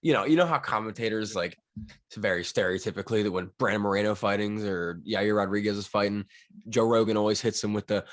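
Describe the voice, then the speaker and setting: A man's voice: lowish voice, fairly quick, dry recording, clean studio sound. A man hosting an interview in an easygoing, casual way, laughing along with his guest. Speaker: podcast host.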